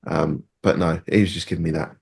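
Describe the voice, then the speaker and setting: A man's voice: very deep voice, level tone, brisk, gravelly, a little mellow. A man, joking at his own expense in casual banter. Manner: self-mocking, joking.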